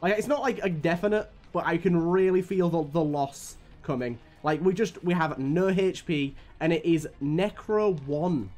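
A young British man streams a game live, commentating as he plays while grumbling and swearing at it. His voice is high and somewhat dark in tone, delivered at a moderate pace with few pauses.

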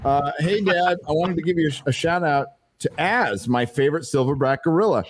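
This man's fairly high voice moves a little fast as he co-hosts a casual panel show, reading donation messages aloud and chatting. He swears and laughs often, and the livestream audio is noisy.

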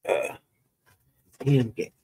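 A man's voice: drawn-out words, dark tone. A man casually chatting with viewers on a live stream, folksy, and swearing when he gets fired up.

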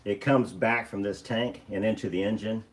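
A middle-aged man with a fairly low voice talks through a casual live stream. He is blunt and joking, swearing freely as he shows his boatbuilding work. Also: steady tone, normal speed.

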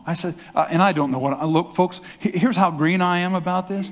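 Older pastor preaching with hall echo. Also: male voice, a little high, a little fast. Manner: animated storytelling, acts out quoted voices. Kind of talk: sermon testimony. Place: church hall. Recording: long hall reverb.

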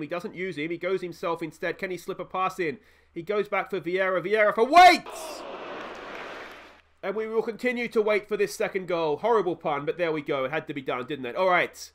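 An Australian man hosts a football management game playthrough, commentating like a fan in the stands. His voice sits a little higher than most men's. He groans at missed chances and breaks into excited shouts at the big moments. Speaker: gaming video host.

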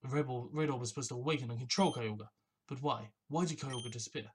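A gamer voicing a gruff male villain leader while reading game dialogue aloud in a slightly lower tone. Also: fast talker, slight background noise, lightly acted. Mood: worried.

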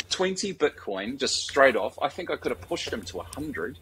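A man's voice: medium pitch, big pitch swings, normal speed, a crowd in the background, poor audio. A man, telling stories as a guest in a casual interview, swearing freely and acting out the voices of the people he quotes. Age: 40s. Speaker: guest, startup founder.

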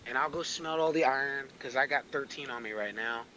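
A man streaming a game, chatting casually and spinning animated stories with swearing and laughter. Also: medium pitch, a little fast, slight background noise. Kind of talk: casual gaming chat. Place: home.

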